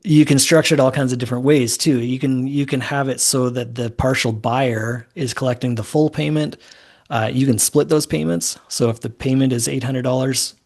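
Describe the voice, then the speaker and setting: Man, easygoing, rambling, filler-heavy, podcast guest, middle pitch. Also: fairly even intonation, moderate pace, a little mellow. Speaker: guest, mortgage note investor. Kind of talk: conversational podcast interview.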